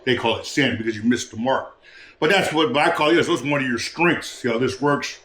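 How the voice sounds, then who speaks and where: A man's voice: medium pitch, a little fast, a bit bright, echoey room, slight background noise. A man talking in a preachy, rambling way, full of swearing and restarts, as a podcast guest. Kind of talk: casual street talk.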